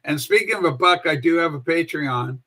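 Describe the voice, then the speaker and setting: A woman's voice: low-pitched, a little fast, fairly bright tone. A woman in her seventies hosting a livestream show, chatting in a rambling, folksy way and swearing casually.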